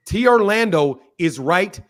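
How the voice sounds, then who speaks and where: A man's voice: sits high, expressive, a little slow. A man hosting a boxing debate stream, combative and blunt, swearing and repeating himself as he talks over the other speaker. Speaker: boxing channel host. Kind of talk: heated live debate.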